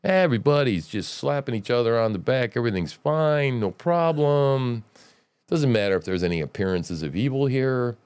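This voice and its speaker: Male livestream host, combative preacher-style commentator, swears freely, pitch swings widely, dry close sound. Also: expressive, moderate pace, a little mellow, clean tone, no echo. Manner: blunt, profane, preachy rants; jumps between mocking quotes and lectures. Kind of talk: combative political and religious commentary.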